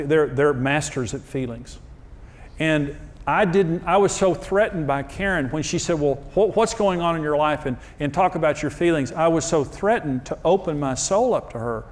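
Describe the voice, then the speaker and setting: A middle-aged man preaching a humorous marriage sermon, storytelling in a folksy way and acting out quoted voices. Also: on the high side. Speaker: marriage teacher and pastor. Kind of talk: humorous sermon to a live audience.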